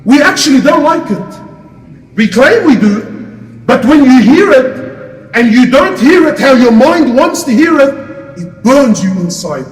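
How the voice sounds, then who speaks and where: A man's voice: extremely high pitch, big pitch swings, slow pace. A man preaching an Islamic lecture to a crowd, passionate and full of rhetorical questions. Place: lecture hall. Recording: echoey hall, distant mic.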